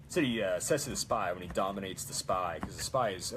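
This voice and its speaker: A young man who rambles through a crafting vlog, excitable and full of fillers. His pitch bounces around a lot as he talks. There is faint noise behind him in an indoor workshop. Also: brisk. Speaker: prop-making vlogger. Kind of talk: casual crafting vlog chat.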